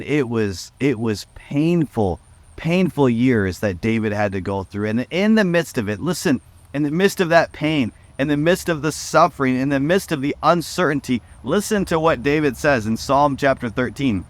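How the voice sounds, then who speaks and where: A man, a pastor, giving a short devotional message in an earnest way, with fillers and repeated words. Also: dry recording. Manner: earnest, rising pitch when reading scripture; uses fillers and repetition.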